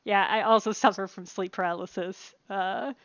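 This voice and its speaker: A woman's voice: mid-range voice, fairly even intonation, fairly bright tone, no room sound, dull audio. A woman hosting a casual game stream, chatty and upbeat over a headset voice chat. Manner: chatty, upbeat, quick to laugh. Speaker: stream host.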